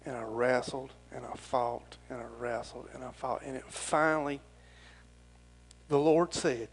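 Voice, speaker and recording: A man's voice: medium pitch, fairly even intonation, moderate pace, creaky, a bit bright, breathy edge, rough recording. A middle-aged man, preaching a folksy, rambling and earnest sermon as pastor.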